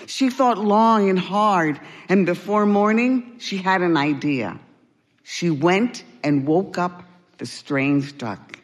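A woman, an actor, reading a story aloud in a slow, gentle and expressive way. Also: lowish voice, long reverb tail.

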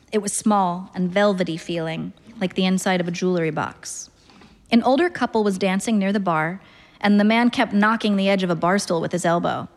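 A woman's voice: medium pitch, in a large hall. A woman reading first-person literary fiction aloud in a wry, understated way. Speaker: narrator.

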